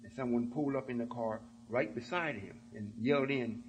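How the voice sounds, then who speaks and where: A man's voice: medium pitch, animated, a little fast, few pauses, slight background noise, rough recording. A man giving an emphatic sermon-style talk to his followers, often checking that they understand. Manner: emphatic, keeps asking "you see?". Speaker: religious speaker.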